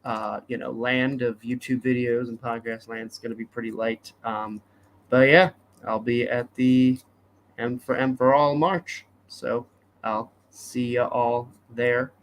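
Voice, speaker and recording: A man's voice: medium pitch, flat delivery, unhurried, a little hiss or hum. A man co-hosting a political podcast in casual chat, hesitant and full of fillers. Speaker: podcast co-host.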